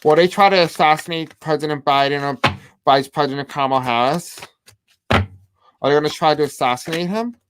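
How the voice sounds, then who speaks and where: A person giving a tarot reading to their viewers in a halting way, often pausing and repeating the same phrases while laying out cards. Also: medium pitch, noisy background. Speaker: tarot reader. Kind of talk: casual tarot reading to camera.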